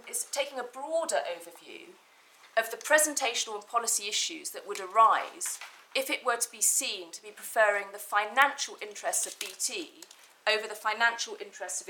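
A woman's voice: a little high, pushed and bright, a little hiss or hum, low-quality recording. A woman barrister making methodical legal submissions in an appeal courtroom, reading from documents with some restarts.

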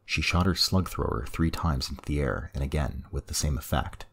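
Deep gravelly guy narrating a story, husky voice, even pacing. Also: moderate pace, hardly any pauses. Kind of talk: audiobook story reading.

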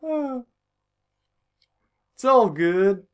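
A man doing jokey gameplay commentary as a let's play host, excitable and often shouting at the screen. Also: extremely high pitch, drawn-out words, clean tone, highs cut off. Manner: excitable and jokey, yelling at the game. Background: game music.

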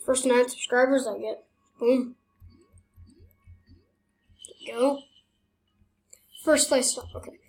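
A young woman hosting her gaming channel, giving casual gameplay commentary, excitable, exclaiming and laughing as she plays. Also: a little high, unhurried.

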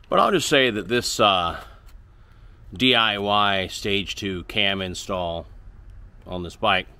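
A man's voice: deep voice, sharp tone. A middle-aged man hosting a motorcycle channel, telling a rambling, self-deprecating story in casual chat from his home garage.

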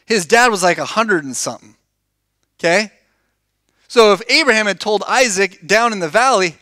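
High, bright-voiced pastor preaching. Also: male voice, no room sound, studio quality. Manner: animated storytelling, acts out quoted dialogue; asks the congregation questions. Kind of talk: conversational sermon. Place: church.

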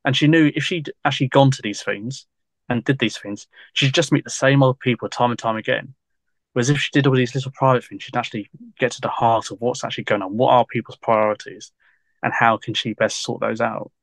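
A man's voice: medium pitch, fairly even intonation, a little fast, gravelly, a bit bright, dry recording. A man, a guest historian in a casual podcast interview, talking in a loose, rambling way full of fillers and frequent laughs.

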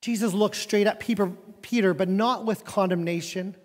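Brief: male pastor, high voice, lively conversational preaching, long church-hall reverb. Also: moderate pace. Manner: animated, conversational preaching with repeated words. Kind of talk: sermon. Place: church sanctuary.

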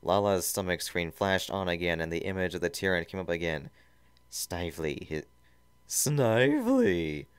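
A man reads fan fiction aloud in a mock-serious tone, tripping over a word now and then. His voice is very low and very clear. It sits close on the mic, dry with no room. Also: flat delivery, brisk, few pauses, a bit bright, dry recording. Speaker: story reader.

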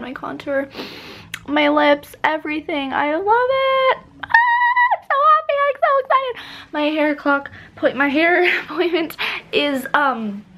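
A woman's voice: fairly high pitch, a little hiss or hum. Bubbly teen girl vlogging. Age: teens. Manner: bubbly, gushing, quick asides. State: groggy morning voice. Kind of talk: casual vlog chat.

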